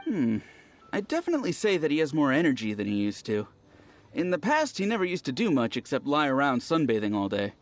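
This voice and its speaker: Chatty village gossip. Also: male voice, on the high side, fairly quick, faint music behind. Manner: chatty, animated storytelling. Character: friendly talkative young village man. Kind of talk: video game voice acting.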